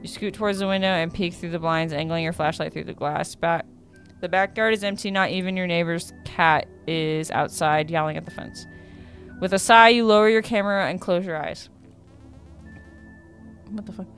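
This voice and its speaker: Woman streamer with a slightly low voice reading a dating sim aloud, casual and prone to stumbling, faint game music underneath. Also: moderate pace. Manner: reads in a casual tone, stumbles and corrects herself.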